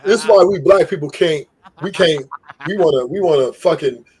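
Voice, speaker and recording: A man's voice: a little high, normal speed, a little mellow. A man on a live stream arguing heatedly, profane and combative, often repeating himself.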